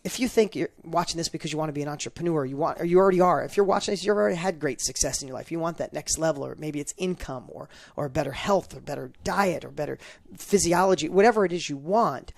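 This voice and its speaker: A middle-aged man, a guest on a show, telling an emotional personal story in an animated way, often repeating his words. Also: fairly high pitch, quick pace, creaky, hardly any pauses, no echo. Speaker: podcast guest, entrepreneur.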